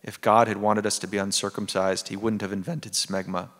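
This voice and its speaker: A man reading aloud the lines of a blustering, exasperated older Jewish grandfather in a deadpan way. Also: lowish voice, fairly quick, natural voice. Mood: grumbling. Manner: deadpan read-aloud delivery. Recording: long reverb of a theater hall.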